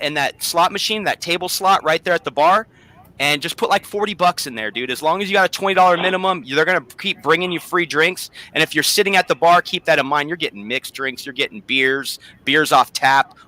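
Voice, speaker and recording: Bright, slightly high male co-host, animated slangy storyteller, casual chat. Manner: animated storytelling, slangy, lots of "man" and "bro". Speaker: podcast co-host.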